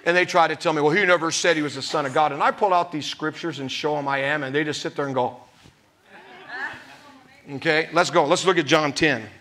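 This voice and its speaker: A man's voice: a little high, fairly even intonation, fairly quick, pushed and bright. A middle-aged male pastor preaching a sermon to his congregation, laughing often and acting out voices from scripture.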